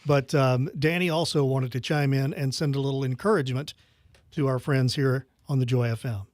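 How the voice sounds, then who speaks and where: A man's voice: medium pitch, steady tone, moderate pace, darkish tone, no echo. A man hosting live radio from a studio, speaking in loose, easygoing phrases. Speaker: radio host.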